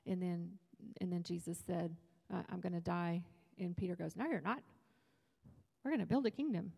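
A woman with a lowish, gravelly, slightly mellow voice preaches a sermon at a women's retreat in a church hall, where a long reverb tail trails her words. At a moderate pace, she addresses the crowd conversationally, joking and adding humorous asides.

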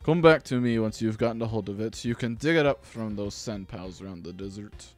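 A man voicing a grumpy male glassblower shopkeeper who is fed up with adventurers, in a put-on mix of Irish and Russian accents, grumbling loudly. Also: on the low side, brisk, no echo, faint music behind, voice pushed down, lightly acted. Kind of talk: reading game character dialogue aloud.

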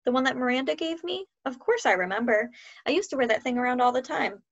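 A bright, eager ten-year-old boy with a lifted, excited voice, as a woman reads him aloud. He pleads and teases in a storybook reading, and the recording sounds dull and lo-fi. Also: sits high, fast, pitched above the performer's own voice. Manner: pleading, then teasing.

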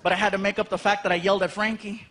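High-voiced animated stand-up comic man. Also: racing. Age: 30s. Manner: animated storytelling with many voices. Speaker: stand-up comedian. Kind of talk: stand-up comedy set. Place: large live venue.

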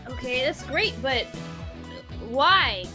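A woman's voice: high voice, expressive, takes it slowly, over music. A woman bantering casually with a friend while playing a game, teasing and giggly. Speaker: co-player. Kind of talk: casual let's-play banter.

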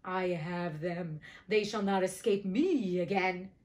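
A woman voicing a slow, wicked old witch. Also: medium pitch, very animated. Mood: cruel. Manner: slow, drawn-out, emphatic delivery. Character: wicked old witch who eats children.

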